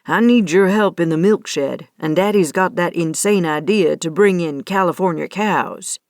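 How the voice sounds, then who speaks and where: A woman's voice: fairly low pitch, normal speed, a little mellow, no room sound, studio quality, lightly acted. A woman voicing an angry young male cowboy who talks in a curt, resentful way. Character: young male cowboy, bitter and short-tempered.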